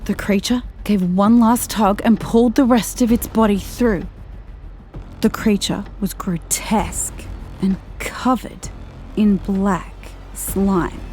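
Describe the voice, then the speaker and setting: A woman narrating a scripted first-person horror story in a tense, hushed way, sometimes slowing down or dropping to a whisper. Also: medium pitch, steady tone, soft background music.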